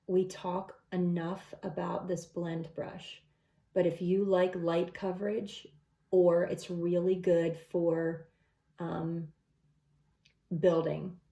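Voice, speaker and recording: A woman's voice: fairly low pitch, little pitch movement, slow pace, creaky, dark tone. A middle-aged woman talking through a makeup tutorial step by step in a casual, chatty way. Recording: echoey room.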